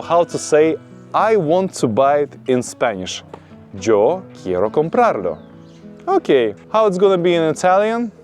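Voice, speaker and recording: Vlog host, male, mid pitch, upbeat and emphatic, asks his viewers rhetorical questions. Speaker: vlogger. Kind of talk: casual vlog monologue. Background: soft guitar music.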